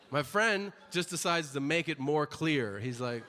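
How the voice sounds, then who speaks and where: A male stand-up comedian telling a story on stage, slipping into voices for the people in it. His voice sits a bit high and bright, with lively swings of pitch. The mic picks up the long reverb of a large hall and a faint hum of ambience. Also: moderate pace. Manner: animated, acts out voices in his stories.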